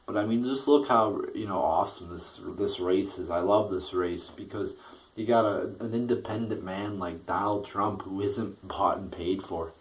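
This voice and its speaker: Deep-voiced male vlogger, heated and profane, stumbling restarts, a bit off-mic. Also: normal speed, far from the mic, rough recording. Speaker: political vlogger. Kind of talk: ranting political commentary.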